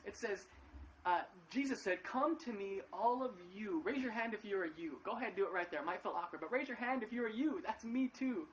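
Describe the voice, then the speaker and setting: A male pastor giving a casual sermon from his living room at home, talking in a halting way and often repeating words. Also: high voice, expressive, lo-fi sound, slight background noise. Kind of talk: casual live-streamed sermon.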